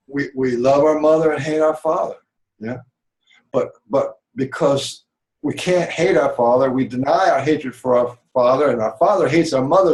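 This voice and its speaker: A man's voice: mid-range voice, a little mellow, rough recording. A man giving a rambling spiritual monologue, full of repeated words and restarts, swearing and turning dramatic. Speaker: spiritual talk show guest.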